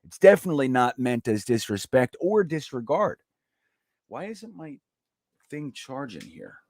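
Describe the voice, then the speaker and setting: A man hosting a live watch party stream, chatting casually and reading viewer comments aloud in a rambling, animated way. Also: mid-range voice, unhurried.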